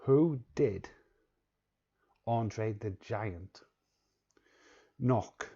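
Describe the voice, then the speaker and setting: English male streamer, quiz host, unhurried and joking, low pitch. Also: expressive, mellow, husky, muffled recording. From England. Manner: joking, chuckling, repeats words while reading chat. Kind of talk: casual live-stream chat.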